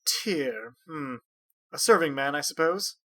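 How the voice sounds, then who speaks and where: A man's voice: fairly high pitch, lively intonation, takes it slowly, sharp tone, heavily acted. A man voicing a haughty, petulant young nobleman who talks in a snooty, sneering way.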